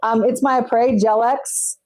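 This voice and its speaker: A woman's voice: a little high, steady tone, takes it slowly, darkish tone, no room sound, rough recording. A woman chatting casually with her viewers on a live stream while doing her nails, teasing them as she works, on a wireless mic. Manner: chatty, teasing, talks to chat while working. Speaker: nail artist streamer.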